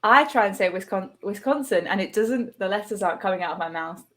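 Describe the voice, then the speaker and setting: A woman's voice: medium pitch, quick pace, fairly bright tone. An English woman hosting a livestream show over a video call, chatty and enthusiastic. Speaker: host.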